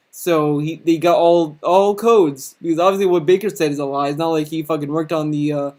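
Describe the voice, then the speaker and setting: A man's voice: fairly high pitch, steady tone, moderate pace, hardly any pauses, a little mellow. A man giving a crude, sarcastic comedic recap of a video game's story. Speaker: video host.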